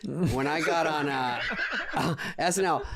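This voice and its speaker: A man telling deadpan anecdotes as a podcast guest, in casual chat full of quoted dialogue. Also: on the high side, unhurried, very noisy. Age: 20s.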